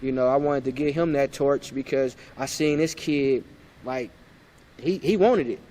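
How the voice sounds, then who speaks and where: A man's voice: mid-range voice, a little slow. A man in his thirties, a former point guard, telling stories in a casual podcast interview and acting out old conversations. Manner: animated, acts out past conversations.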